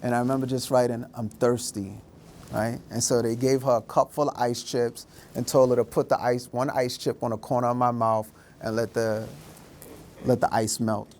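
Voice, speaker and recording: Middle-aged male speaker, vivid storyteller, does voices for characters, mid-range pitch. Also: level tone, normal speed, darkish tone, slight background noise. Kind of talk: storytelling talk.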